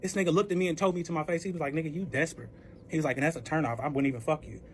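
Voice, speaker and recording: A man's voice: fairly high pitch, steady tone, racing, slight background noise. A man telling a personal story in a casual storytime, swearing freely, packing in filler words and acting out both sides of the dialogue. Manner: profane, with heavy filler words.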